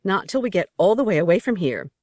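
A woman's voice: mid-range voice, sing-song, fast, darkish tone, no echo, clean studio sound, voice pushed up. A woman voicing a scared, sullen young girl in an audiobook story, speaking plaintively.

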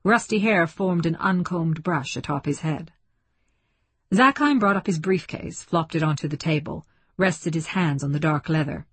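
Husky woman reading a novel aloud. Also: low-pitched, normal speed, no echo. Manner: even, descriptive reading. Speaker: narrator. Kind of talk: audiobook narration.

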